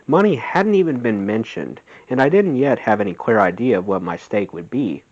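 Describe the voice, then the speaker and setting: A man reading a memoir aloud in a steady, plain voice. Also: lowish voice. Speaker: audiobook reader. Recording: dull lo-fi sound.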